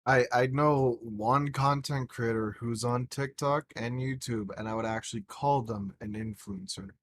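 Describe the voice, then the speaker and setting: A man's voice: mid-range voice, unhurried, fairly bright tone, dry recording. A man co-hosting a casual podcast, telling rambling stories and swearing freely. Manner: profane, rambling storyteller. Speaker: podcast co-host.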